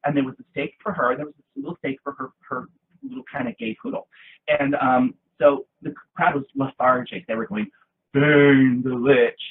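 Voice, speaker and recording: A man guest in an interview, telling animated, theatrical stories in a casual chat. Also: medium pitch, fairly quick, gravelly, slight background noise. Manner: lively, theatrical storyteller with bursts of laughter. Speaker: guest, actor. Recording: tinny lo-fi line.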